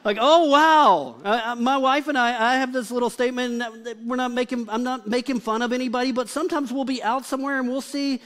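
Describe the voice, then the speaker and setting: Brief: male pastor with a very high voice, preaching in a chatty, joking way. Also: little pitch movement, fast talker, hardly any pauses, a bit bright. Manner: conversational and humorous, with frequent filler "like". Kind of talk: live sermon.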